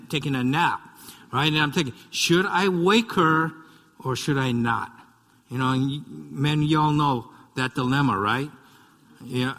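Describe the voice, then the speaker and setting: A man's voice: a little high, a bit bright. Man preaching in a reverberant hall. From United States. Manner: conversational storytelling with frequent asides. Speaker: pastor. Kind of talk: sermon.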